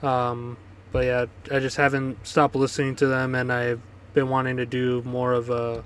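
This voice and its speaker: Male co-host, loose rambling chat, flat and even pitch. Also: moderate pace, slight background noise. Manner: loose, rambling, swears casually. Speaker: podcast co-host. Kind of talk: casual chat.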